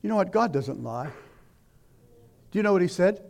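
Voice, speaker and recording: An older man preaching a sermon, swinging between loud declaiming and hushed asides. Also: sits high, expressive, normal speed, creaky.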